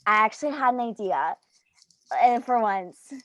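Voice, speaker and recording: A woman's voice: a little high, animated, moderate pace, a bit bright, muffled recording. Woman rambling through a tabletop role-play scene. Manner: rambling, full of "like" and "um". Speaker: tabletop game player.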